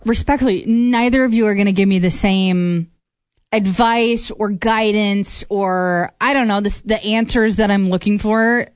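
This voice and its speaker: A woman's voice: medium pitch, steady tone, measured pace, clear, resonant tone, no room sound, clean studio sound. A young woman co-hosting a radio show, chatting casually and telling a story with easy laughs. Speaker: radio co-host.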